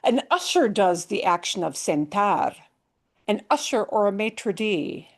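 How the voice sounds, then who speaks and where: A woman's voice: mid-range voice, sing-song, measured pace. A woman Spanish teacher explaining grammar to her class patiently, step by step, with everyday examples.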